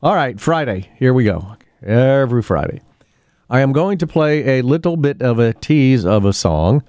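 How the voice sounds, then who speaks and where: A man's voice: medium pitch, sing-song, normal speed, a little mellow, no echo, clean studio sound. A man hosting a casual local radio show, chatting in a rambling way with many fillers and restarts. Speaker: radio host. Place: radio studio.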